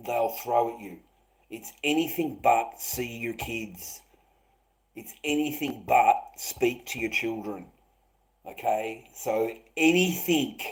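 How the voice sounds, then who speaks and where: A man hosting a live stream, rambling and swearing, who swings between loud outbursts and low muttering. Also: low-quality recording. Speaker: livestream host.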